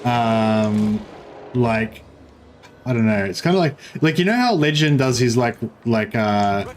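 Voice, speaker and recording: A man's voice: mid-range voice, expressive, a little slow, slight background noise. An Australian man streaming a strategy game, chatting casually and rambling with many fillers and restarts. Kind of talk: casual gaming livestream chat.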